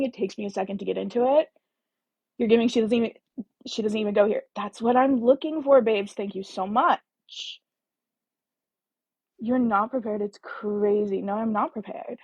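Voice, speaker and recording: A woman's voice: fairly high pitch, moderate pace, a little mellow, slightly rough, dry recording, highs cut off. A woman co-hosting a book podcast, chatting casually and reading a novel aloud on a live stream, with chatty, self-deprecating asides. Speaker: podcast co-host.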